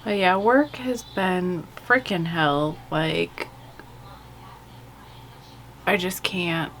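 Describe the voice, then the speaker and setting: A woman's voice: on the low side, fairly even intonation, extremely slow, fairly bright tone, slight background noise. A woman vlogging casually as she does her makeup, chatty and candid, rambling with lots of "like" and "you guys". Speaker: beauty vlogger. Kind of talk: casual chat while doing makeup. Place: home with kids' video playing behind.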